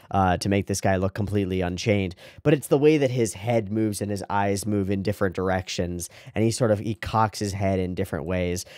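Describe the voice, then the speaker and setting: A man with a somewhat low voice talks through an anime scene in casual commentary. He rambles enthusiastically, tossing in "like" and "right?" constantly. The sound is dry and close, with no room echo. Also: a little mellow. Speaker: anime reaction host.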